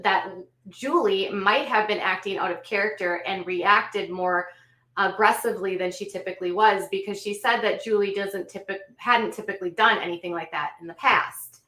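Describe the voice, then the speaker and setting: A woman host recapping a story and adding her own commentary, in a measured way with frequent ums and self-corrections. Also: mid-range voice, sharp tone. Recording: echoey room, voice a bit off the mic.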